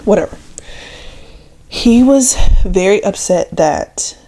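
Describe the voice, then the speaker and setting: A woman's voice: mid-range voice, expressive, takes it slowly, dark tone. A young woman in her twenties shares family memories in a casual storytelling vlog. Her mid-range voice is chatty and full of fillers. She sounds tearful and emotional as she speaks. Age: 20s. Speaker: vlogger.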